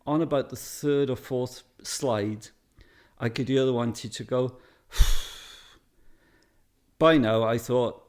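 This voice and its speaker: Middle-aged Welsh man, anecdotal interviewee, does quick impressions in his stories. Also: medium pitch. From Wales. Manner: lively anecdotes, mimics others in quotes. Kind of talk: casual storytelling.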